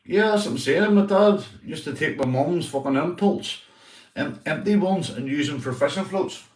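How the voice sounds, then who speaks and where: A man's voice: on the high side, animated, moderate pace, a little mellow. Sweary Northern Irish man, echoey room. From Northern Ireland. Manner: sweary, rambling, says mate constantly. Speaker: livestream host. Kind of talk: casual livestream chat. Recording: echoey room, mic at a distance.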